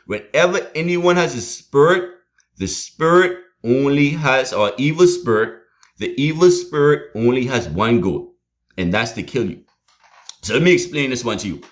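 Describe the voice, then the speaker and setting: A man preaching a sermon in a plain street voice, swinging between loud emphatic points and low hushed asides. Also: expressive, moderate pace.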